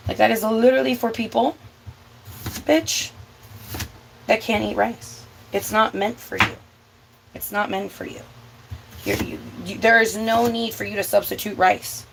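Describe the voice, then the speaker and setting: A woman's voice: a little high, normal speed, gravelly, a little hiss or hum, rough recording. A young woman hosting a cooking vlog, ranting bluntly and with lots of swearing, sometimes stretching her words out for emphasis. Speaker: vlog host. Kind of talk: casual ranting chat while cooking.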